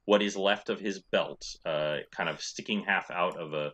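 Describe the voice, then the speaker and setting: A man running a tabletop game as game master, narrating scenes in a relaxed way with many fillers. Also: sits low, moderate pace, dull audio. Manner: descriptive, relaxed with frequent fillers.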